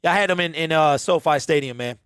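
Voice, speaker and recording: A laid-back man with a fairly high voice hosts a live watch-party stream, answering viewer comments in a loose, chatty way. The sound is dry and close, with no room echo. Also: brisk, a bit bright, smooth. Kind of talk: casual live commentary over a game.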